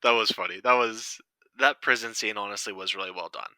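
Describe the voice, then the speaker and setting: A man co-hosting a casual podcast who talks in a relaxed, agreeable way with short replies. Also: on the low side, a little fast, no echo. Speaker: podcast co-host. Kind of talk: casual chat.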